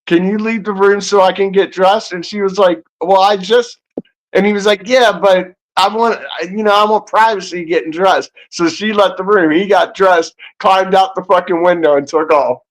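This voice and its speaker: A man's voice: high voice, fairly even intonation, moderate pace. A man telling a crude story among friends in casual banter. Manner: rowdy storyteller, crude humor.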